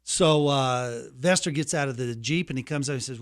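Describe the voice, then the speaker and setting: A man's voice: medium pitch, normal speed. An older man from Colorado talks as a guest in an easygoing interview. His voice sits in an ordinary middle register, and he winds through stories unhurriedly, often restarting his sentences. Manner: leisurely, anecdotal, with restarts. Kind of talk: casual interview storytelling.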